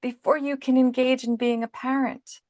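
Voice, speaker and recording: A woman parenting coach in a podcast interview, explaining calmly and acting out her own inner self-talk as examples. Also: sits high, normal speed, no echo, studio quality.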